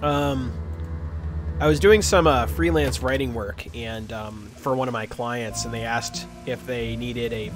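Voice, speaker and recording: A man's voice: mid-range voice, unhurried, music in the background. A man streaming a video game, chatting casually with lots of fillers as he plays. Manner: rambling, with many fillers. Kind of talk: casual gaming commentary.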